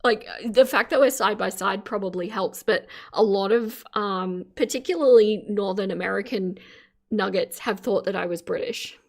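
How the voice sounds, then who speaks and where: A woman's voice: mid-range voice, normal speed, vocal fry. A woman with an Australian accent hosting a reaction stream in casual, chatty talk, laughing often. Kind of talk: casual chat.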